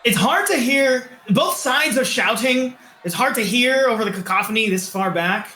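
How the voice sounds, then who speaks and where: Male game master, dramatic narration, bright, roomy echo. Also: very high voice, lively intonation, normal speed.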